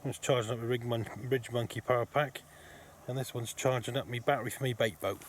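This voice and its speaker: A man filming his fishing trip by a lake, breathless and excited as he talks over his catch. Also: mid-range voice, fast talker. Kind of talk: excited outdoor vlog chat. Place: outdoors by a lake. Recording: outdoor recording with loud background noise.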